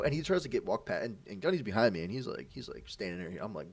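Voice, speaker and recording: A man's voice: lowish voice, rapid-fire, hardly any pauses, dry recording, clean studio sound, distant mic. A young man in his twenties, a podcast co-host, telling a casual story and acting out the voices in it, with plenty of swearing. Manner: animated, acts out voices in his stories, swears freely.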